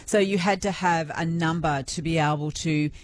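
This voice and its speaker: A woman's voice: sits low, steady tone, normal speed, dry recording. A woman presenting morning radio in a friendly, conversational way.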